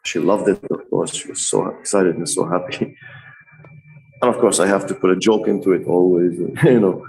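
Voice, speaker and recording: A middle-aged man, a tattoo artist guest on a podcast, telling stories in an animated way and often laughing. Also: low-pitched, moderate pace, vocal fry, a little hiss or hum, poor audio. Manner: laughs often, lively retelling. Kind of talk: animated storytelling.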